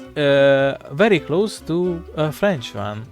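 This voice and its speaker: A man's voice: mid-range voice, unhurried, soft background music. A man in casual rambling commentary, thinking aloud with an irreverent, swearing manner.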